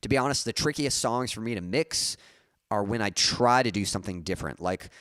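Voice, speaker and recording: A man hosts a music livestream, chatting casually and reading viewer comments aloud to answer them, rambling with plenty of fillers and restarts. His voice sits on the low side, fairly quick and a bit bright, captured in a clean studio recording with no room sound.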